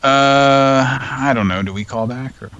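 A man's voice: mid-range voice, measured pace, fairly bright tone, no room sound, lo-fi sound. A man hosting a live prank call show, chatting casually in a joking, self-mocking way. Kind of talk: casual chat.

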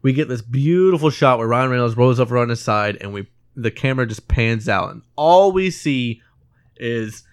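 A man co-hosting a film podcast, casually retelling the plot in an animated way, swearing freely and acting out the characters' lines. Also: medium pitch, normal speed, clean tone. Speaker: podcast co-host reviewing a film.

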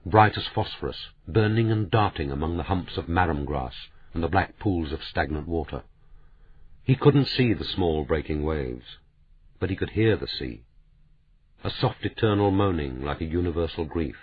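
Deep, husky male audiobook narrator. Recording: narrow, phone-like audiobook sound.

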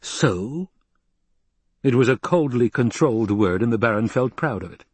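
A man narrating an audiobook in a measured, steady way. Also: mid-range voice, breathy edge, dry recording.

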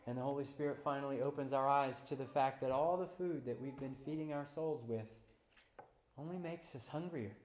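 A pastor preaching a sermon, moving between quiet, low passages and loud, high-pitched climaxes. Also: male voice, moderate pace, echoey room.

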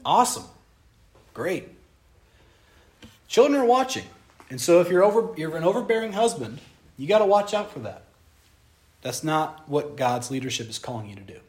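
Lively, high-voiced young male preacher. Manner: animated, acts out voices, talks to the audience. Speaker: pastor. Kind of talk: sermon on marriage.

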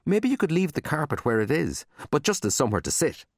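A man's voice: a little high, big pitch swings, quick pace, pitched above the performer's own voice. A man voicing a scared, earnest young schoolboy who stammers and pleads. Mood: pleading.

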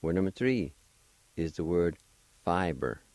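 A man's voice: sits low, expressive, darkish tone, dry recording. A man patiently spelling and pronouncing words letter by letter in a radio language lesson. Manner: slow, patient, encouraging. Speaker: language teacher and radio host.

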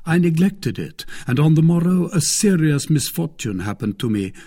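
Guy doing a bold young sword fighter, spirited, husky lively voice. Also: a little high, normal speed, pitched above the performer's own voice. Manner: decisive, spirited. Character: bold young male swordsman, eager and daring.

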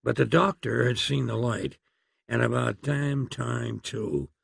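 A man's voice: mid-range voice, takes it slowly, gravelly, slightly rough, no echo. A man narrating an audiobook with dry, wry storytelling.

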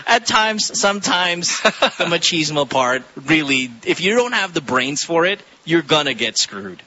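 A man's voice: a little high, big pitch swings, unhurried, sharp tone, no room sound. A man hosting a call-in radio show, telling stories animatedly and laughing often. He is from the Philippines. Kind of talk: casual radio banter. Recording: dull lo-fi radio audio.

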